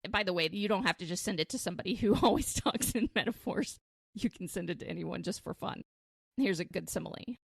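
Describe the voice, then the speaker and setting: A woman's voice: on the low side, expressive, a little fast, gravelly, no room sound. A woman hosting a dating advice podcast, talking in a casual, playful way and often breaking into giggles. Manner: playful, self-amused humor.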